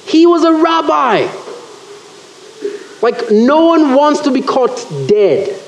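A man preaching a sermon in church, animated and acting out the voices he quotes. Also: very high voice, slow, gravelly, a little hiss or hum. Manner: animated, acts out quoted voices, self-correcting. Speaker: pastor. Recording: roomy church echo.

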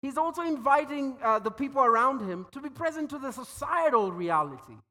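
A man's voice: very high-pitched, expressive, brisk, pushed and bright. A man preaching a sermon, telling stories and acting out quoted voices, often repeating words as he goes. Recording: long hall reverb.

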